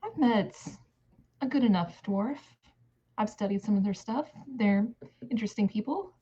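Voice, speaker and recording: A wry, scholarly elf who weighs other peoples with dry detachment, voiced by a woman in a tabletop game. Her voice is mellow and warm, heard through a dull, lo-fi mic. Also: mid-range voice, animated, normal speed, husky. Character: curious young elf scholar, half High Elf.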